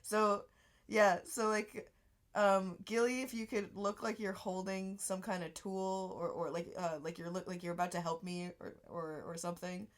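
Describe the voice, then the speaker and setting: A woman playing a tabletop game, chatty and quick with asides. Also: medium pitch, fairly even intonation. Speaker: player. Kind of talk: casual tabletop game chat.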